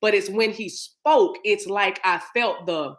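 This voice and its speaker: Animated woman giving a spiritual reading. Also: mid-range voice, a little slow. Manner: animated, encouraging, acts out scenes with sounds. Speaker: spiritual reader. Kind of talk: casual spiritual card reading to viewers.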